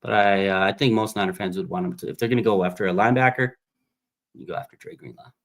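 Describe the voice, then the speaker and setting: A man hosting a casual fan livestream, reading viewer comments and chatting in a relaxed, thinking-aloud way. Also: lowish voice, fast. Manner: laid-back, thinking aloud with fillers. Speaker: livestream host.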